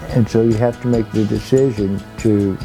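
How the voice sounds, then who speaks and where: A man's voice: lowish voice, fairly even intonation, moderate pace, creaky, dark tone, faint music behind. A man in his sixties from Kentucky, telling fond, gossipy stories to a live audience at an exhibition launch and calling people darling. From Kentucky, USA. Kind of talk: anecdotal storytelling talk.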